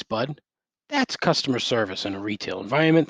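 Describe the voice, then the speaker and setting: This middle-aged man runs a solo podcast from home, and here he's over-caffeinated, swearing nonstop through a sarcastic rant into his gaming headset. He has a fairly low, sing-song voice with a fairly bright tone, and he talks fairly quickly. The recording is dry.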